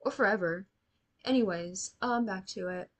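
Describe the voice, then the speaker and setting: A woman's voice: mid-range voice, moderate pace. A young woman talks through her reactions to a TV episode in casual commentary. She is blunt and sarcastic, swears often, and scolds the characters as if they could hear her. Her voice sits in a mid range.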